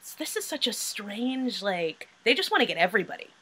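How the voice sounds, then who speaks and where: A young woman in her twenties co-hosting a casual podcast chat, chatty and quick to laugh. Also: mid-range voice, big pitch swings, bright, forceful tone, husky, low-quality recording. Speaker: podcast co-host.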